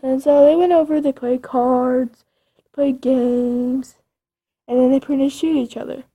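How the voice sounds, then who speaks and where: A woman's voice: high voice, steady tone, unhurried, dark tone, husky. A woman improvising a spooky story in a rambling, dramatic way with creepy asides.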